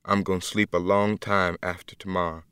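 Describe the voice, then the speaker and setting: A man reading an audiobook as a humble, gentle young man in jail, speaking slowly and earnestly in plain dialect. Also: low-pitched, little pitch movement, clear, resonant tone, dry recording, clean studio sound. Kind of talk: audiobook first-person reading.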